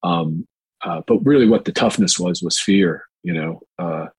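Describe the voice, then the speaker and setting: A man in his sixties from New York, an actor telling his life story in a relaxed, rambling way with many fillers. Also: deep voice, moderate pace, husky, dry recording, low-quality recording. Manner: relaxed, rambling with fillers, mimics quoted voices. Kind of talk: storytelling in a casual interview.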